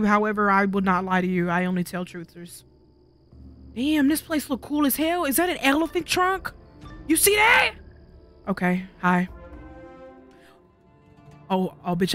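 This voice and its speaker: A woman's voice: a little high, animated, moderate pace, pauses often, sharp tone, soft background music. A woman streaming a video game with casual, sassy, profane commentary, talking back to the characters on screen. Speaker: gaming streamer. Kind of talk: casual let's-play commentary.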